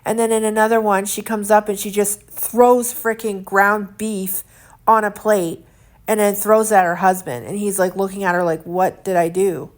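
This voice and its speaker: A woman's voice: medium pitch, fairly even intonation, normal speed. Indignant young woman chatting at home. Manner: earnest and indignant, rambling with many fillers. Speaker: vlogger. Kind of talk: casual chat to camera.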